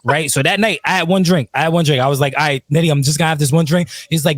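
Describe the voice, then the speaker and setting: A man's voice: a little high, rapid-fire, hardly any pauses, no echo. Laughing, storytelling man, dry sound. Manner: laughing, quotes friends in retold dialogue. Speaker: podcast guest telling stories. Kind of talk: casual storytelling, profane and animated.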